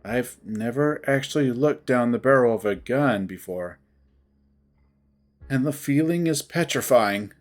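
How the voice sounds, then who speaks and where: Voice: mid-range voice, lively intonation, a little slow, soft background music. A narrator giving a dramatic first-person reading of a visual novel.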